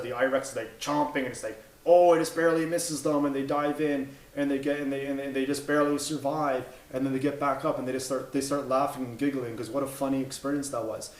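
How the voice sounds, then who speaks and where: A man's voice: medium pitch, darkish tone. A man in his thirties giving an opinionated movie review rant, blunt and exasperated, swearing and tripping over his words. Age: 30s. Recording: echoey room.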